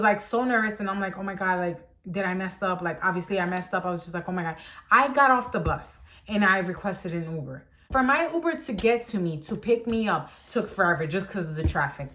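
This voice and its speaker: A woman's voice: mid-range voice, brisk. A young woman vlogger animatedly telling a personal story time and acting out what people said. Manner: animated storytelling, acts out quotes.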